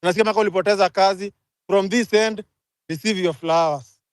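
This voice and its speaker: A young Kenyan man ranting angrily in a live audio chat, switching fast between languages. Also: sits high, fairly even intonation, clean tone, no room sound. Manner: angry, rapid code-switching rant. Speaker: speaker in a live audio room.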